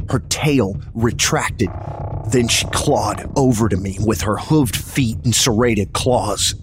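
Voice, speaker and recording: A man reading a first-person horror story aloud in a slow, measured storytelling manner. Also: mid-range voice, a little hiss or hum. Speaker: audiobook narrator.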